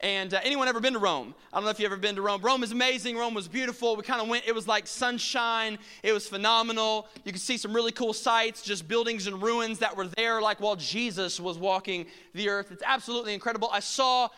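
A man's voice: high-pitched, steady tone, fast, hardly any pauses, pushed and bright, clean tone, big-room sound. A male pastor preaching a sermon, telling stories animatedly and acting out the scenes.

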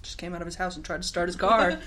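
A woman's voice: fairly low pitch, steady tone, quick pace, fairly bright tone, slight background noise. A young woman co-hosting a podcast, recapping a TV episode in a rambling, laughing way full of fillers. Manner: rambling, lots of fillers and laughs, acts out characters. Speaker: podcast co-host. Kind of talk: casual chat recapping a TV episode.

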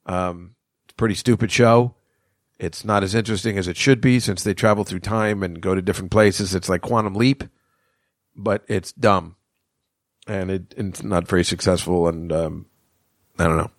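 A man's voice: low-pitched, fairly even intonation, moderate pace, no echo. A middle-aged man hosts a solo podcast in a loose, rambling way. He swears freely and chuckles at his own bits. The recording is close and dry, with no room sound. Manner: rambling, profane, laughing at his own jokes. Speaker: podcast host. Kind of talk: casual rambling monologue.

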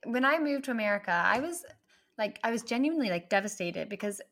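Animated woman chatting with many "like"s. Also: a little high, fast. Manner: animated, full of "like" fillers. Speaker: podcast co-host. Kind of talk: casual chat.

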